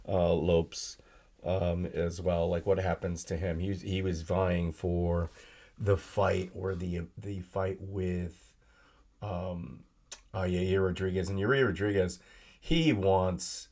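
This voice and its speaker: Tired guy streaming alone at his desk, lowish voice, sore throat, lots of um and uh, mumbling to himself. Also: darkish tone. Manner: rambling, filler-heavy, self-talk while using the computer. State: tired, sore voice from yelling at work. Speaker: podcast host. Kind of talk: solo live-stream chat. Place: home desk with laptop and monitor.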